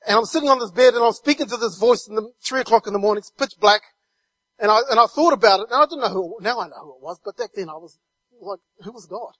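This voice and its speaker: A man shares his testimony as a guest speaker. His voice sits high, and the sound is dry and close. He tells the story vividly, linking his phrases with a stream of repeated "and"s. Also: animated, quick pace, bright, forceful tone, no echo. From New Zealand.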